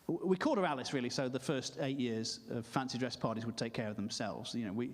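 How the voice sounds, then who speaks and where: A man's voice: medium pitch, fast talker. A male comedian doing live stand-up and chatting and teasing the audience. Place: church hall, live show. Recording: long hall reverb.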